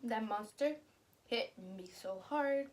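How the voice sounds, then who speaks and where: A woman's voice: on the high side, slow pace, a little hiss or hum. Chatty young woman telling stories. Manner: chatty, laughs while telling stories, talks with mouth full. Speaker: vlogger. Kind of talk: casual storytelling while eating.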